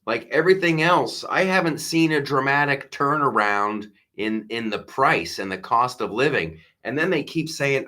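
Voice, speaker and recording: A man's voice: mid-range voice, animated, moderate pace, hardly any pauses, sharp tone. A man hosting a live comedy news show, ranting with exasperated sarcasm and frequent restarts.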